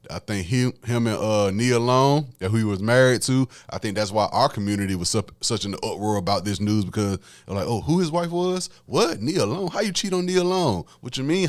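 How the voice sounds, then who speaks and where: A man, hosting a solo podcast and talking casually to his listeners as y'all in a preachy, conversational way. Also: fairly low pitch. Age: late 20s. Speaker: podcast host.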